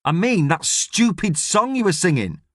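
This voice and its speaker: A man voicing an excitable, cranky young schoolboy who blurts out questions. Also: sits high, normal speed, no echo, studio quality, voice pushed up. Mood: excited.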